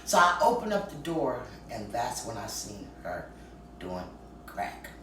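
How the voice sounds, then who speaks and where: A woman from Texas telling a candid story about her own life, frankly and with lively quoted voices. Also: rumbling low, measured pace, slight background noise. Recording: very echoey room, mic far off.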